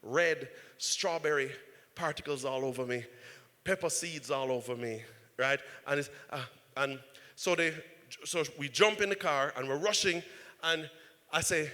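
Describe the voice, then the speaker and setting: Brief: male pastor, fairly high, bright voice, animated storytelling sermon, reverberant church hall. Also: moderate pace. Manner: animated, repeats "right?".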